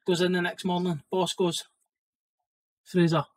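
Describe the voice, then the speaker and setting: A man's voice: sits high, moderate pace, poor audio. Sweary Scottish man telling stories. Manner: sweary, lively storytelling. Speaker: plumber and vlogger. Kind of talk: casual storytelling to camera.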